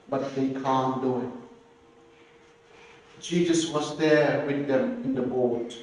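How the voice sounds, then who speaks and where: Slow echoey preacher man. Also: medium pitch, mellow. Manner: slow, earnest preaching with repeated phrases and emphatic rises. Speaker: pastor. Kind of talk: sermon. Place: church hall. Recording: echoey church hall, voice from a distance.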